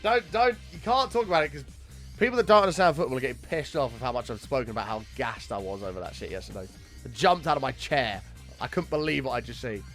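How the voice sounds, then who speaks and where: A young man chatting casually with viewers while streaming a game, excitable and swearing freely. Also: mid-range voice, fast, soft background music. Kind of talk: casual live-stream chat.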